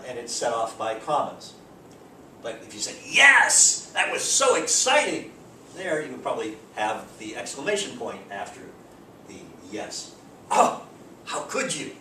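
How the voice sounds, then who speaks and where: A man teaching a grammar lecture in a relaxed way, reading out example sentences. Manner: relaxed, explains with spoken examples and fillers. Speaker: English teacher. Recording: echoey room, distant mic, background rumble.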